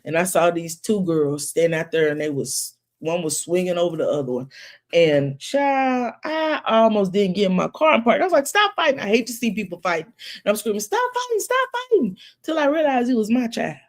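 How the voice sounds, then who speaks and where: With a fairly low voice and a slightly fast delivery, a commentary channel host in her 40s chats casually with viewers, mixing in storytelling. Her manner is animated, preachy and folksy, and she repeatedly addresses listeners as "baby."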